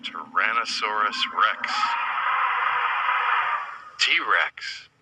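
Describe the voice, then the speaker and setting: A man teaching young children, slowly naming animals, asking simple questions and spelling each word letter by letter. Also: lowish voice, lively intonation, heavy background noise.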